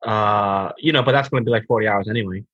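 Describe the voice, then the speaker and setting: A man's voice: on the low side, fast, no room sound. A laid-back man co-hosting a casual gaming podcast, chatting and reading a listener's message. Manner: laid-back, says bro, slurs over restarts. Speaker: podcast co-host. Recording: dull lo-fi mic.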